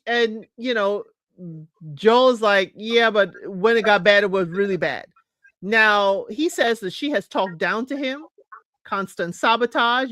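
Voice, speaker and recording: Woman, casual reality TV recap, animated, higher-pitched voice, dry close recording. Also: dry recording. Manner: chatty, animated, addresses viewers as y'all.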